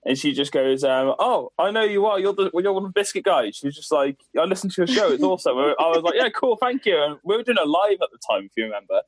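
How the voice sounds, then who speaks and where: Excitable higher-voiced English co-host. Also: male voice, no room sound. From England. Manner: excitable, quick to jump in and laugh. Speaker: podcast co-host. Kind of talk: casual podcast chat.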